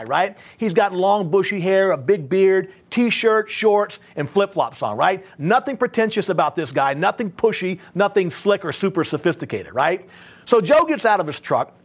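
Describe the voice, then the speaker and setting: A man with a high, bouncy voice coaches service contractors on selling. He tells stories with plenty of emphasis and keeps checking in with "right?". His pitch swings widely from line to line. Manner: emphatic storyteller, tags points with "right?". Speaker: sales trainer for home service contractors. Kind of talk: motivational sales training talk.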